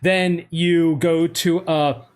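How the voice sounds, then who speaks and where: A man hosting a casual let's play chat, excitable, laughing often and swearing casually. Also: on the high side, slow, smooth. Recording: music playing underneath.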